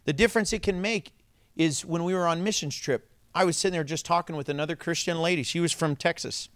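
A male pastor delivering a sermon, telling stories with laughter and dropping to a hush for emphasis. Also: a little high, fast, no echo, studio quality. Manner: animated storytelling with laughs and sudden drops to a hush.

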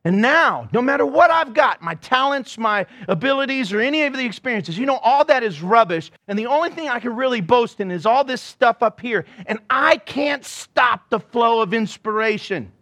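High-voiced, animated preaching man. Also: moderate pace, few pauses. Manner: animated storytelling, acts out quotes and laughs often. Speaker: pastor. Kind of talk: sermon. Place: church.

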